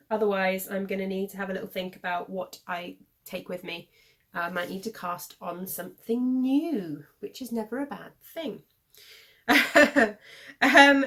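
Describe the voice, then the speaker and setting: Losing her voice and a little hoarse, a UK woman in her thirties rambles casually on her knitting podcast, full of fillers and self-corrections. Her medium-pitched voice is a bit bright in this show-and-tell chat.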